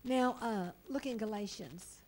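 A woman preaching a sermon, chatty and animated, laughing often as she reads and explains scripture. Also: fairly high pitch, a little slow, a little hiss or hum, rough recording.

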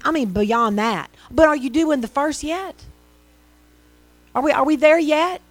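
A woman's voice: high-pitched, dry recording. A woman preaching a sermon in a conversational style, asking the listeners questions and acting out people's replies. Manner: conversational preaching with rhetorical questions and mimicked voices.

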